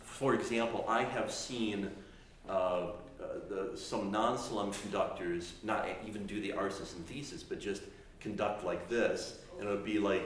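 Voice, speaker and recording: A man's voice: on the low side, fairly even intonation. Man lecturing in an echoey room. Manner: explanatory, halting with restarts, demonstrates phrases by singing and speaking. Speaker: chant teacher. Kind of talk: classroom lecture. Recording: very echoey room with faint noise.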